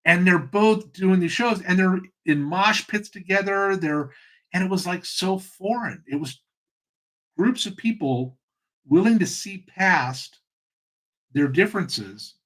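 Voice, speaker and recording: A man's voice: high-pitched, takes it slowly, a bit bright. A middle-aged man hosting his own channel, talking in a loose, rambling, conversational way. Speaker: channel host. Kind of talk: casual monologue.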